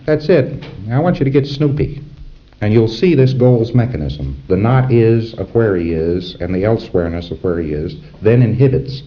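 A man's voice: on the low side, lively intonation, normal speed, muffled recording, a little hiss or hum. A man giving an informal lecture to trainees, talking conversationally and acting out little dialogues. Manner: conversational, acts out dialogues and chuckles at his own examples.

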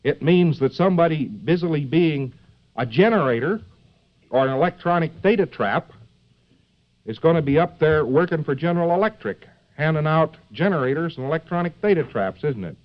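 In this dull, lo-fi old lecture recording, a man's voice sits a little high, with lively intonation and a moderate pace. He addresses a live audience in a joking, rambling way, sprinkling in fillers and rhetorical asides such as "see?"

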